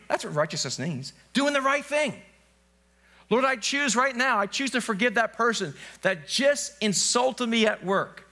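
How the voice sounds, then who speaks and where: High, bright-voiced preaching pastor. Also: male voice. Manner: emphatic preaching, slips into spoken prayers. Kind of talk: sermon. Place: church sanctuary.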